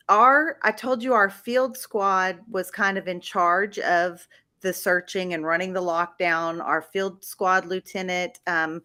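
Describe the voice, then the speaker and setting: A woman co-hosting a podcast, telling a story in a slow, deliberate way. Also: medium pitch, sharp tone. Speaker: podcast co-host. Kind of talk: casual storytelling.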